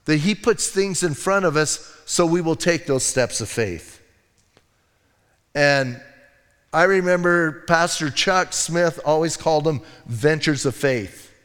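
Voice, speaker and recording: A male pastor preaching a sermon in a relaxed, conversational way, telling stories with asides and restarts. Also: high-pitched, smooth, in a large hall. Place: church sanctuary.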